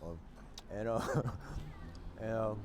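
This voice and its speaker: An older man chatting loudly and rambling through jokes and stories outdoors on a city street. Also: fairly low pitch, very slow. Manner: loud, joking, rambling storyteller. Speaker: local street personality. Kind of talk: casual chat while walking the street. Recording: outdoor street noise, traffic.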